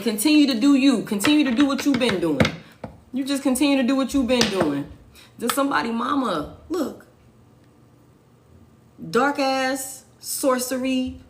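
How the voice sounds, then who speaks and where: A woman doing a casual tarot reading for viewers, blunt and profane, repeating her points for emphasis. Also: on the high side. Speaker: tarot reader.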